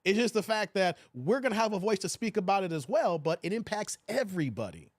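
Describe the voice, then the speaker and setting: A man hosting a live stream, commenting casually and talking back to his chat, animated and laughing often. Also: high voice, fairly quick, no echo, clean studio sound.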